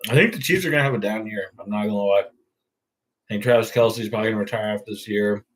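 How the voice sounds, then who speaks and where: A man's voice: on the low side, quick pace, fairly bright tone, rough recording. A young man hosting a casual sports talk show, rambling and swearing freely. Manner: profane, rambling. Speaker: host.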